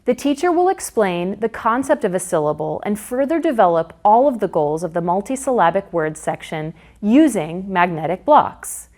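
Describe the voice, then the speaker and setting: A woman narrating a phonics lesson for teachers in a slow, clear way, sounding out words syllable by syllable. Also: mid-range voice, big pitch swings, darkish tone. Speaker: teacher trainer. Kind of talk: instructional narration.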